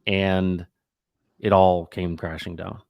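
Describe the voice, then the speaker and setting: Low-voiced middle-aged man telling stories. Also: takes it slowly, vocal fry, no echo, lo-fi sound. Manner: animated, acts out quoted dialogue; reflective, faith-minded musing. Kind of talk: casual conversational storytelling.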